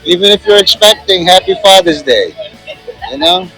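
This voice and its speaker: A man's voice: sits high, lively intonation, moderate pace, sharp tone, faint music behind, low-quality recording. A man vlogging on a city plaza outdoors, rambling and joking into a handheld phone. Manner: rambling and joking, many fillers. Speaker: street vlogger. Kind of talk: casual walking commentary.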